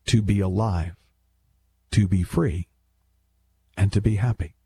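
Deep, gravelly, very husky man. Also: takes it slowly, dark tone. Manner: rambling and wry, with many self-corrections. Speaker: self-help speaker. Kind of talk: casual reflective monologue.

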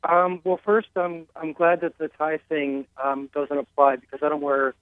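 A man's voice: fairly high pitch, flat delivery, normal speed, no room sound. A man calling in to a radio show, speaking hesitantly with many fillers. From United States. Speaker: caller. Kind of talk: phone-in conversation. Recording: tinny dry phone line.

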